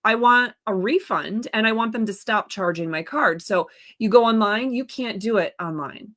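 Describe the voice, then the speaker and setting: A woman telling a story in a casual interview, animated and exasperated, acting out what people said to her. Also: a little high, moderate pace. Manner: animated, exasperated retelling with quoted dialogue. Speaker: guest, stand-by counsel. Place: live stream, remote.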